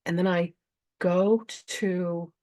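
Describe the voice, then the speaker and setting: Low-voiced woman telling a spiritual story. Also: steady tone, slow pace, darkish tone. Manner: chatty, casual, acts out her own past reactions. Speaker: spiritual teacher and trance channel. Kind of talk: personal storytelling to a live audience.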